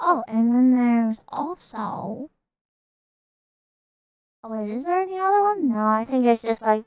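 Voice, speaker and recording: A young woman streamer chatting casually in an excitable, jokey way, often shouting and laughing. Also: a little high, measured pace, long pauses, clean tone, no room sound. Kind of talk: casual livestream chat.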